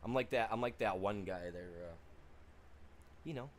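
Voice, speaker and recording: A man chatting loosely on a game livestream, wandering from story to story and chuckling along the way. His voice sits a little on the low side. A faint hiss of noise stays underneath. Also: fairly quick. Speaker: game streamer. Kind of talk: casual chat during a livestream.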